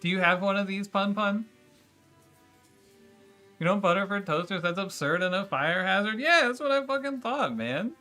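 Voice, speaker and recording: This man's high-pitched, sharp voice has lively intonation, a moderate pace, and long pauses, with faint music behind it. Streaming a game in a casual chat with viewers, he rants profanely and argues with them in exasperation.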